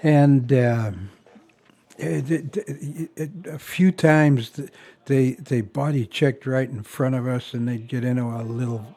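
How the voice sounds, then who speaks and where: An older man shares family memories in a mid-range, mellow voice, steady in tone and slow. His casual storytelling rambles, and he chuckles often and stops to restart.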